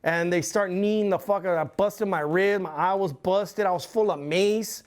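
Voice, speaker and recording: A man's voice: high-pitched, moderate pace. Profane, rambling middle-aged man. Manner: profane, rambling, animated retelling. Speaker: interview guest. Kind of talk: casual storytelling interview.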